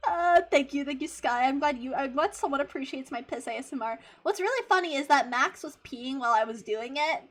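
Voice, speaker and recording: A woman streaming live as a VTuber, chatting casually with her chat, giggly and excitable, swearing freely and squealing as she thanks viewers. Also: high-pitched, a little fast, hardly any pauses. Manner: talks to chat, thanks subscribers.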